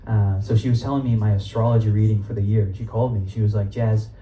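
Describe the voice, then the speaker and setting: With a fairly low, mellow voice and steady tone, a young man races through a casual, profane stand-up set, chuckling at his own material. The comedy club crowd laughs and cheers, and the distant mic adds roomy sound with slight background noise.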